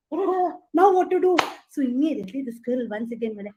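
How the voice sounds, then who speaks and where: A woman telling a folk story in a lively, chatty way with asides to her listeners. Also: sits high, fairly quick, background noise. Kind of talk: animated oral storytelling.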